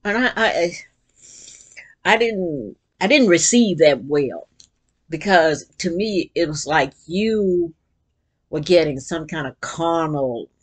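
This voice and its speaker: An older woman talking casually about faith and joy in an earnest, rambling way, often restarting her sentences and breaking into bursts of excitement. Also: sits low, slow pace. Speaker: vlogger reading and reflecting on quotes. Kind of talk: casual spiritual reflection.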